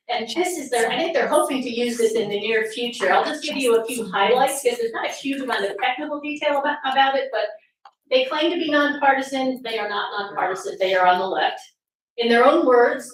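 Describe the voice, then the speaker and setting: A woman giving a presentation to an audience, sarcastic and full of rhetorical questions. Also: on the high side. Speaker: speaker at a political summit. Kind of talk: presentation talk. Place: meeting room with audience. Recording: very echoey room from far off, faint noise.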